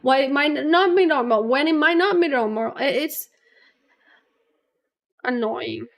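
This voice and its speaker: A young adult woman streamer chatting casually with her live chat, rambling on at length and laughing often, a little low on energy. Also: lively intonation, measured pace, a bit bright. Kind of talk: casual livestream chat, reading chat aloud.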